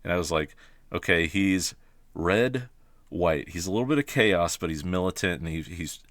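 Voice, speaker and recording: A man's voice: low voice, lively intonation, moderate pace, a bit bright, dry recording, studio quality. A man and game master talking casually on a podcast, thoughtful and often restarting his phrases.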